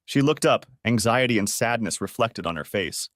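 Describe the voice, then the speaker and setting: A man's voice: fairly low pitch, lively intonation, moderate pace, a bit bright, no room sound, studio quality. A man narrating a first-person family drama audiobook in a bitter, dramatic storytelling manner.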